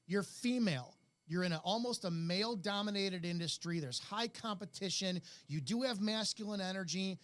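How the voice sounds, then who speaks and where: Blunt middle-aged male host. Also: on the high side. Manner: fast, blunt, rambling. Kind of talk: interview, casual chat.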